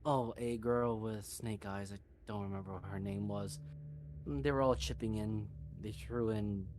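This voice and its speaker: A man voicing a small, shrill female cat who is a dragon demigod, chatty and rambling in a tabletop game. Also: steady tone, moderate pace, background noise, close to an everyday voice. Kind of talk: tabletop role-play voicing.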